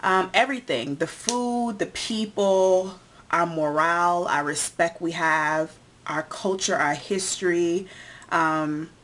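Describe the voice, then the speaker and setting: A woman's voice: on the low side, slow pace, fairly bright tone, a little hiss or hum. A young woman born in the United States, chatting casually in a tag video and listing things one by one with many fillers. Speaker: vlogger.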